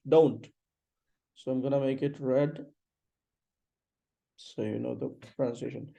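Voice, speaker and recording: Man, English teacher, very slow drilling, mellow dark tone, pronunciation lesson. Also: mid-range voice, creaky. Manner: repeats words slowly, drilling pronunciation; gives corrections while marking a screen.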